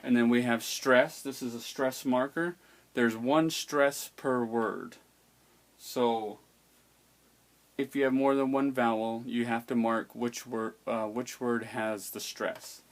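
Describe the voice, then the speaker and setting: Man, language teacher; slow and patient, sounds things out one by one. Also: medium pitch, steady tone. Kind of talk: explaining an alphabet's pronunciation.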